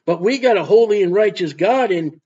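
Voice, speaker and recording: A man's voice: high voice, lively intonation, brisk, dark tone, slightly rough, dull audio. A man preaching a fervent sermon as a street preacher. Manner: fervent, mocking laughter when imitating scoffers.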